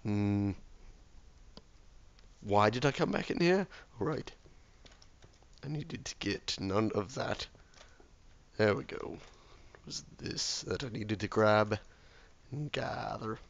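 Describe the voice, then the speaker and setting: Brief: hoarse sick guy, lowish voice, mumbly gameplay commentary on a dull lo-fi mic. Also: slow, pauses often. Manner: mutters to himself, often drops to a soft, near-whispered voice. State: hoarse from illness. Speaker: gameplay video maker.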